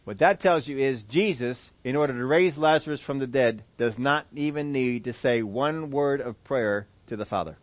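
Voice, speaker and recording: A man preaching a sermon, animated, who acts out the voices he quotes. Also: mid-range voice, moderate pace, few pauses, dry recording, dull audio. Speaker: pastor.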